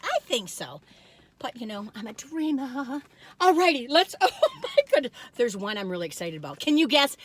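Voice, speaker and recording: A woman's voice: sits high, a bit bright, no room sound. A woman chatting casually in a taste-test vlog, bubbly and giggly, full of chatty asides. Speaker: food review vlogger.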